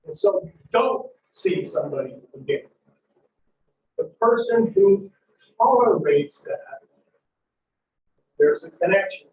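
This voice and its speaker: Male lecturer, high voice and unhurried, loud and emphatic with big vocal swings, recorded from across an echoey classroom. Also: animated. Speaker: psychology lecturer. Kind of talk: classroom lecture with acted scenarios. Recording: echoey lecture hall, dull mic from far off.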